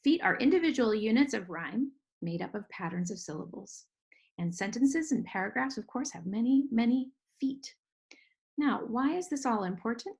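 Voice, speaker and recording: Brief: woman music teacher, slightly high voice, patient and clear, taps out stressed and weak syllables for kids. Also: animated, moderate pace, a little mellow. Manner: clear, patient explaining, sounds out rhythms. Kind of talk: online music lesson for children.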